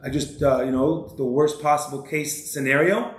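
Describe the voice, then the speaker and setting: A man's voice: medium pitch, steady tone, normal speed, close to an everyday voice. A man voicing a brash new male employee who barks orders and then panics, heard with a roomy echo. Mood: panicked. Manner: shouting demands, then flustered.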